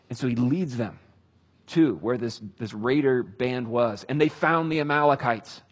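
A man in his thirties preaching a sermon, retelling a story in an earnest way with dramatic pauses. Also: medium pitch. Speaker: pastor.

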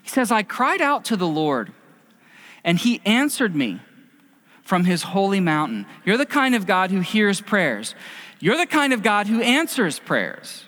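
A man's voice: high voice, wildly swooping pitch, measured pace, a bit bright. A middle-aged man preaching a sermon in a conversational, storytelling way, acting out quotes as he goes. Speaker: pastor. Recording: long reverb of a hall.

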